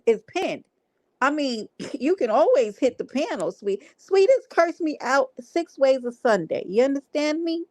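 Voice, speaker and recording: A woman's voice: fairly high pitch, a little mellow, no echo. A woman hosting a livestream, talking to her chat in a brash, playful way with plenty of profanity. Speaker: livestream host.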